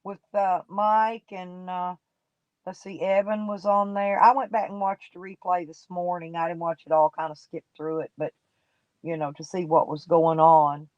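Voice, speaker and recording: A woman's voice: on the low side, flat delivery, moderate pace, darkish tone, no room sound, lo-fi sound. Folksy woman gossiping on a live stream. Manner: gossipy, greets chat viewers by name; folksy, colloquial talk. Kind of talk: casual live stream chat.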